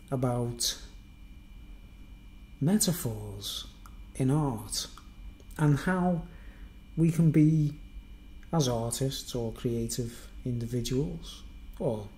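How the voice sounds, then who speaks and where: Mellow-voiced Merseyside man rambling on a stream. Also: medium pitch, slight background noise, rough recording. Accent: toned-down Merseyside. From Merseyside, England. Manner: rambling, self-mocking, chatty with many fillers. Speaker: live streamer. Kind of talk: casual live-stream monologue.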